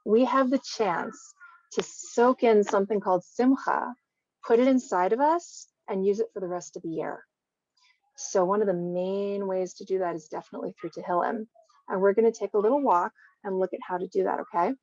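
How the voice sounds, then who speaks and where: Woman speaker for an online religious talk, lively and conversational, mid-pitched, dry and slightly dull recording. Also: moderate pace, no echo. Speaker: guest speaker.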